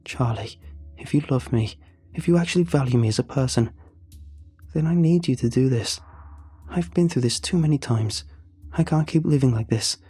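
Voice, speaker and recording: A man doing a frantic young woman for a narrated horror tale, high and shrill. She is tearful and pleading, and the voice underneath stays dark and husky. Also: expressive, a little fast, no room sound, studio quality, soft background music, full character voice.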